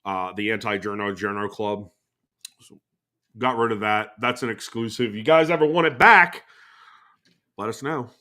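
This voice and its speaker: A man's voice: lowish voice, moderate pace, long pauses, pushed and bright. A man hosting a podcast in loose, rambling casual chat, swearing freely. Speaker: podcast host.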